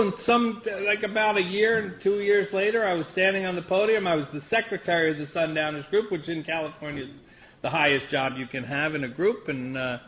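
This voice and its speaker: A man tells a long personal story with a wry, self-deprecating humor, laughing at his own jokes. His voice sits a little high for a man. The recording is dull and lo-fi, with a faint hiss underneath. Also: steady tone, a little fast. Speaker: speaker sharing a recovery story.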